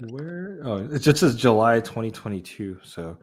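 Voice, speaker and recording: An excitable man hosting a casual podcast, laughing often as he talks and swearing freely. His voice sits in an ordinary middle pitch. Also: moderate pace. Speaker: podcast host.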